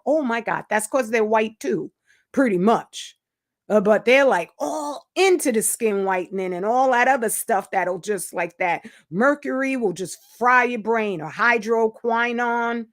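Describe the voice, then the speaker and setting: A woman hosting her own channel, talking to viewers in a casual, rambling monologue, blunt and emphatic, breaking into sudden laughs. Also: on the high side. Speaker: channel host.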